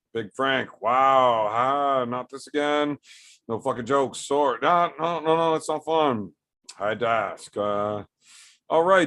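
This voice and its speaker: A man's voice: medium pitch, a bit bright. A young man, casually reading and answering live chat with blunt, profane jokes. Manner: profane, blunt, joking banter.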